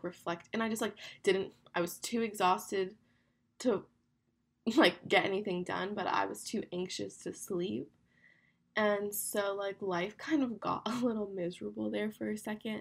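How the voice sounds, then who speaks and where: A woman's voice: medium pitch, creaky, breathy edge. A young woman hosting a podcast on her own, talking casually and candidly with lots of fillers. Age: young adult. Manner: chatty, candid, fast with lots of "like". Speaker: podcast host. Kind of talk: casual solo podcast talk.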